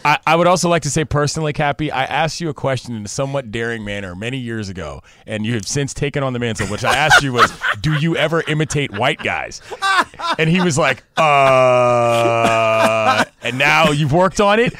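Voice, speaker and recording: A man co-hosting a sports radio show, chatty and quick with asides, laughing often. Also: mid-range voice, animated, heavy background noise. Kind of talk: casual sports radio chat.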